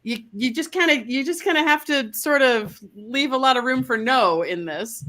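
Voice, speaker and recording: A woman dog trainer, a guest on an interview, explaining her method in a casual, animated way and slipping into voices for dogs. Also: high voice, moderate pace.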